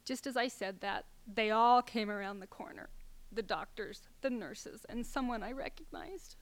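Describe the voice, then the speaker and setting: Soft-spoken middle-aged woman telling her story. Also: mid-range voice. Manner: halting, with fillers and restarts, dropping at times to a near whisper. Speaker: speaker telling a personal story. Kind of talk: personal storytelling to an audience.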